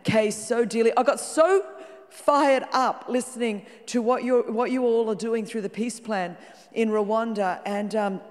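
A woman's voice: a little high, a little slow, big-room sound. A woman in her fifties with an Australian accent, preaching as a guest pastor in an exuberant, joking way. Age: 50s. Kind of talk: sermon. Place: large church.

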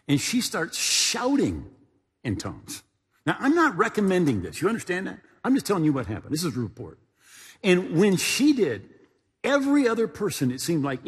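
A pastor preaches in an easy, anecdotal way, checking in with his listeners as he goes. His voice is husky and swings widely in pitch. The sound rings with the long reverb of a large hall. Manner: folksy anecdotal preaching with asides to the congregation. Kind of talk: storytelling sermon.

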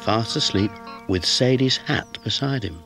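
A man narrating a children's storybook in a gentle, expressive way. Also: medium pitch, unhurried, gravelly. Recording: music behind.

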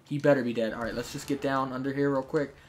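Guy talking over his shooter game, joking around, yells when it gets hectic, mid-pitch voice, faint gunfire. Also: fairly even intonation, fast talker, slight background noise. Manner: chatty, jokey, shouts and squeals in tense moments. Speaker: gaming YouTuber. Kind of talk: live gameplay commentary.

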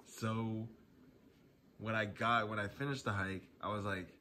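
A young man spins a casual storytime tale in a fairly low but bright, punchy voice. He talks loosely and swears freely, often breaking into chuckles, with a faint hiss of noise behind him. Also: fairly even intonation, unhurried. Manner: laid-back, profane, chuckling often.

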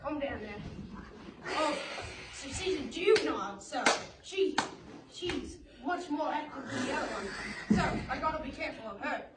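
A woman playing an excitable Australian male wildlife presenter in an improv sketch, exclaiming and narrating to the camera in a put-on Australian accent. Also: sits high, normal speed. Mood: eager. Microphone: phone camera. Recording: echoey far-off noisy phone video.

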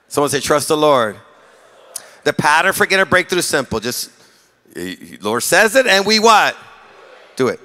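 A man's voice: fairly high pitch, normal speed, long pauses. A middle-aged male pastor preaching a sermon, telling stories with humor and calling on the congregation to respond. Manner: storytelling, animated, jokes with the congregation. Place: church sanctuary. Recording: long reverb of a hall.

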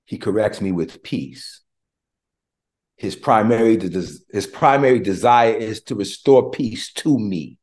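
A male preacher delivering a livestreamed sermon with call-and-response, at times quiet and emotional in prayer. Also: on the low side, animated, a little slow.

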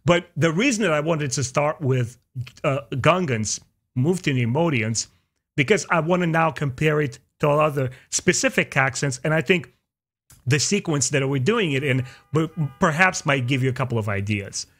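A man hosting a podcast, chatting casually and opinionatedly, his pitch jumping up for emphasis. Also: moderate pace. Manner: opinionated, animated, jumps into high pitch for emphasis. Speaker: podcast host. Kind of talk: casual chat.

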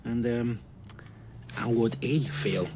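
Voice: medium pitch, steady tone, slow, natural voice. A performer in a television soap drama, asking concerned questions.

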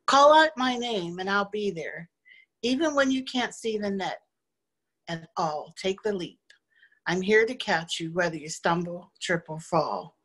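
A cheerful, reassuring spirit of faith, put on by a woman reading her poem jumps in bright and eager, her voice leaping up high before settling into steady comfort. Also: measured pace.

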